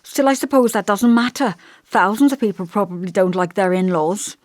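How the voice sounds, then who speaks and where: A woman reading the part of a subdued, wary young married woman in an audiobook, speaking quietly and evasively. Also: medium pitch, moderate pace, dry recording, studio quality, lightly acted.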